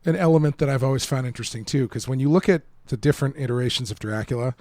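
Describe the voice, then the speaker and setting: A man co-hosting a podcast, talking enthusiastically about a film with dry humor and a gravelly voice. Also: mid-range voice, very fast, a little mellow, no echo. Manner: enthusiastic, dry humor, frequent agreeing interjections. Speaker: podcast co-host. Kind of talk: casual movie discussion.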